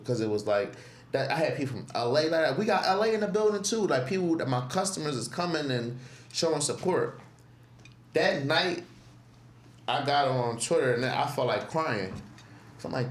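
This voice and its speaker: With frequent pauses and a moderate pace, a slightly high-voiced man in his 20s, a clothing brand owner on a podcast, tells casual stories laced with profanity, animatedly acting out his old remarks. The recording carries a roomy echo and slight background noise.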